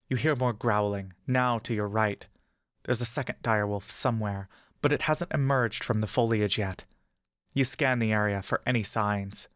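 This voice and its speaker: A man narrating a fantasy adventure story in the second person, with steady, measured pacing. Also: lowish voice, no echo, studio quality.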